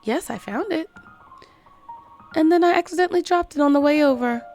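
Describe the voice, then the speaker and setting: A woman's voice: high-pitched, fairly quick, darkish tone, faint music behind, close to an everyday voice. A woman voicing a polite, bewildered young girl named Alice in a game, speaking in a prim, apologetic way. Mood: pleading.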